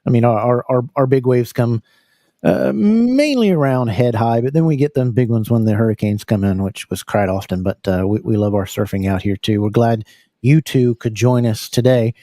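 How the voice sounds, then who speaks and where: An American man hosting a live podcast, energetic and full of fillers, repeating words as he goes. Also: medium pitch, moderate pace, no echo, clean studio sound. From United States. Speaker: podcast host. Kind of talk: casual live podcast chat.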